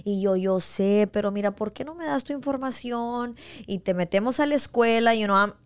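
A woman hosting a podcast, telling a story in casual chat, animated and mixing English with Spanish. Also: a little high, fast, smooth. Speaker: podcast host.

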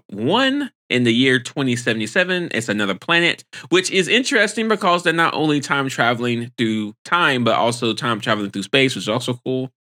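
A man talking casually as a podcast co-host, his bright, forceful voice leaping high whenever something excites him. He speaks with lively swings in pitch. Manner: animated, pitch jumps when excited. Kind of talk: casual chat.

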